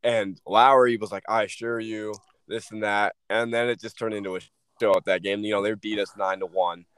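A man's voice: on the low side, steady tone, fairly quick, a bit bright, clean tone, no echo. A young man, a former hockey player, telling rambling stories as a podcast guest. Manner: rambling, restarts, lots of "like" and swearing. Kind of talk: casual storytelling.

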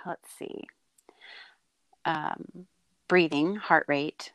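A middle-aged mother speaks in a slightly low voice, tender and halting, with many pauses and fillers as she tells a personal story. The sound is close and dry, with no room echo. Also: steady tone. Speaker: mother telling her daughter's birth story. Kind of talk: casual heartfelt conversation.

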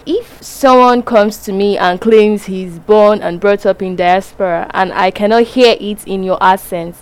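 A woman's voice: mid-range voice, clear, resonant tone, poor audio. A woman with a Nigerian accent giving earnest, emphatic feedback on a podcast. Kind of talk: casual voice note.

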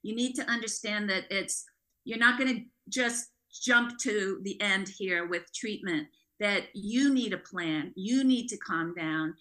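A woman's voice: medium pitch, a little slow, sharp tone. A woman co-hosting a podcast, explaining family recovery steps in an earnest, coaching way. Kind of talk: casual podcast discussion.

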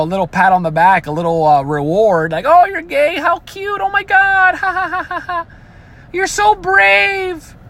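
Guy ranting, swears a lot, kinda high voice, does mocking voices, sounds like he's in a car. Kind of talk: casual rant.

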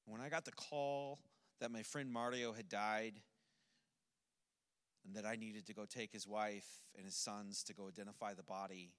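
A male pastor telling a personal story in a sermon, earnest and measured, with pauses. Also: on the low side, steady tone, fairly bright tone, smooth.

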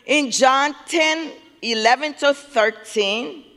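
Slow, high-voiced preacher man in a hall. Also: pushed and bright. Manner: emphatic, repeats key words, calls on listeners to respond. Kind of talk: sermon. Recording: long reverb of a large hall.

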